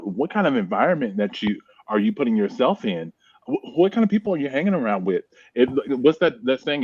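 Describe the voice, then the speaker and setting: A man's voice: medium pitch, breathy edge, no room sound, dull audio. A man in a group book discussion who reflects aloud, asks rhetorical questions and laughs easily. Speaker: discussion guest.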